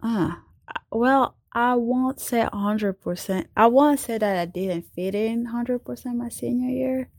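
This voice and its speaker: A young adult woman with a foreign accent answering interview questions in a slow, deliberate way. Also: fairly high pitch, no room sound, studio quality.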